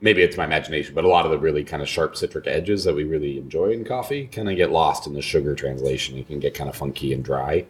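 A man co-hosting a coffee podcast and roasting the coffee, chatting casually in a fast, rambling way. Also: a bass voice, slight background noise. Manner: fast and rambling, with many restarts and laughs.

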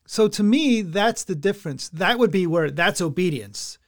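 A man's voice: high voice, expressive, normal speed. A man co-hosting a casual chat, blunt and swearing freely while he explains his view with everyday examples. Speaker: podcast co-host.

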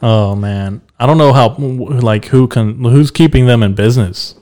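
A man's voice: medium pitch, unhurried, darkish tone. A man who is a guest on a podcast, chatting casually with crude, joking banter. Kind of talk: casual chat.

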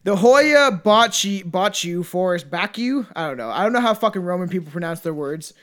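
High-voiced man stumbling through notes. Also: lively intonation, moderate pace, a bit bright. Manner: stumbling over names, swearing, laughing a lot. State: says he is stoned. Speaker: podcast host. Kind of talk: casual podcast chat, reading notes.

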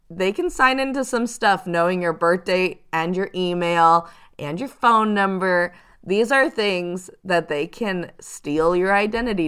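A woman giving casual advice to viewers as a psychic show host, chatty and animated, now and then acting out the people she warns about. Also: fairly low pitch, clean tone. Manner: chatty, animated, acts out quoted hustlers.

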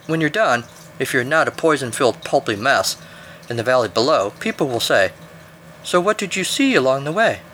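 A man's voice: mid-range voice, lively intonation, moderate pace, a bit bright, slight background noise, lightly acted. A man voicing a haughty, mocking male golden eagle with a squawking, obnoxious voice. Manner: smug, taunting.

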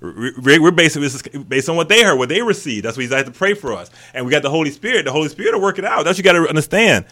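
A male radio host teaching the Bible in an excitable, casual preaching style, breaking into hallelujahs and everyday slang. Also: on the high side, racing, hardly any pauses. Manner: excitable, exclaims hallelujah, talks back to the text; casual and colloquial, drops into vernacular.

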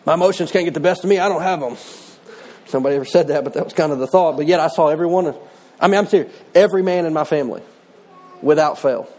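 A man's voice: on the high side, rapid-fire, darkish tone. A middle-aged male pastor preaching a sermon in a conversational way, mixing scripture with personal stories.

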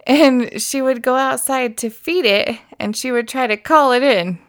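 A woman in her thirties chatting on a casual podcast. Her voice sits a little high, and she talks at an unhurried, drawn-out pace. She laughs often and swears freely as she wanders off track. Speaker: podcast co-host. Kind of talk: casual chat.

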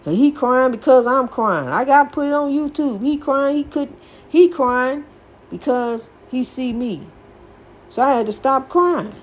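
A woman's voice: high voice, lively intonation, measured pace. An older woman hosting a podcast, giving a folksy, preachy motivational talk and repeating her phrases for emphasis. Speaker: podcast host.

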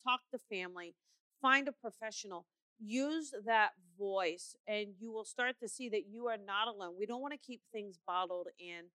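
A woman's voice: mid-range voice, bright, forceful tone, clear, resonant tone, no echo. A middle-aged woman hosting a call-in show as a psychic medium, reassuring callers and calling them honey. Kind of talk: call-in radio show reading.

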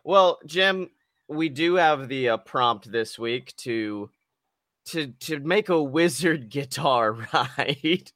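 Bright, playful man co-hosting a podcast. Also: a little high, animated, takes it slowly, no echo, clean studio sound. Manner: playful, joking, swears freely. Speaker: podcast co-host. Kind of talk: casual chat.

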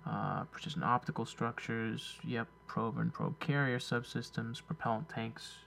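A man co-hosting a casual chat, thoughtful, sometimes slowly reading items off a list. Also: medium pitch, steady tone, gravelly, a bit bright, slight background noise. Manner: thoughtful, reads lists slowly.

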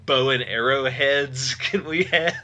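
A man's voice: medium pitch, a little slow, pushed and bright. A man in his thirties co-hosting a casual podcast, dropping wry, joking asides. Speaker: podcast co-host. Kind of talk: casual chat.

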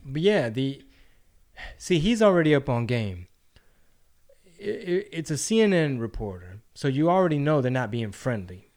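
A man's voice: medium pitch, normal speed. A man co-hosting a casual podcast, talking in slangy, swearing, mocking bursts. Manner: animated, mocking impressions, slangy. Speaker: podcast co-host. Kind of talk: casual profane chat.

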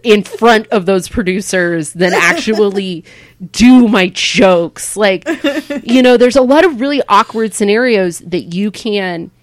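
A woman's voice: mid-range voice, measured pace, dry recording. A woman stand-up comedian talking frankly in an interview, rambling and swearing casually. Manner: frank and rambling, acts out quoted voices. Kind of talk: candid conversational interview.

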